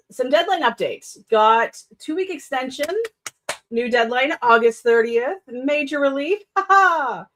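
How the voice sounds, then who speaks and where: Rambling, laughing woman author. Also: on the high side. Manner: rambling, many fillers and self-corrections; laughs often between sentences. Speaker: author streaming a writing session. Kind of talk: casual chat.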